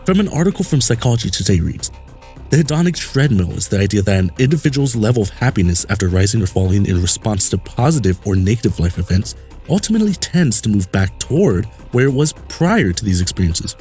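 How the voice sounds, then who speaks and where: A male podcast host talks his way through a loose, crude comedy monologue, wandering off on tangents. His pitch swings up and down lively, with a little music faint behind him. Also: fast talker. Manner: rambling, crude and jokey, slipping into silly voices and laughs.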